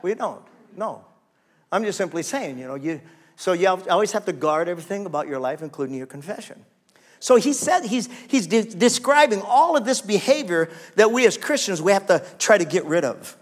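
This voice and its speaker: A man's voice: high-pitched, very animated, a little fast. A man preaching a sermon as pastor, reading scripture aloud and calling on the congregation for amens.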